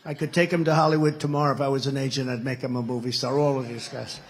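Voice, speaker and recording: A man's voice: mid-range voice, little pitch movement, quick pace, husky. An American man in his seventies giving a political keynote speech, telling rambling stories full of repeated superlatives. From United States. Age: 70s. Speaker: keynote speaker.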